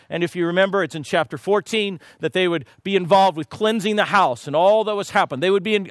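A man's voice: high-pitched, a bit bright, no room sound, clean studio sound. A man preaching a sermon to his congregation in a conversational manner, acting out scenes. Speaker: pastor.

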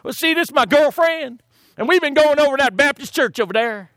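A man's voice: extremely high pitch, expressive, fairly quick, fairly bright tone, no echo, clean studio sound, pitched above the performer's own voice. A man voicing a male Texan patient who pleads with his doctor for a pill, in a drawling Texas accent. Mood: pleading.

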